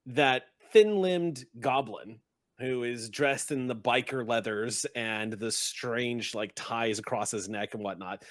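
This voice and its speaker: A man narrating a tabletop game as game master, in a relaxed, loose way. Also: medium pitch, slow pace, no echo.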